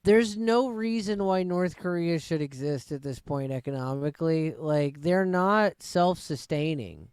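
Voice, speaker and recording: A man chats on a podcast in a blunt, profane, offhand way. He talks slowly, and his voice is smooth. The sound is dry and close. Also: a little high, animated, darkish tone, dry recording. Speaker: podcast co-host. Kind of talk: casual chat.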